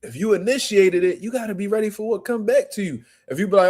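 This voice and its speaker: A man's voice: sits high, steady tone, fast talker, few pauses, a little mellow. A man hosting a casual boxing talk stream, reading out chat and riffing in profane street slang with mocking impressions. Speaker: boxing show host.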